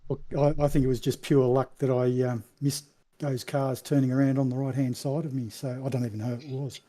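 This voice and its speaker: Modest, mellow-voiced male race winner. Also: mid-range voice, little pitch movement, brisk. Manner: modest, plain, few words.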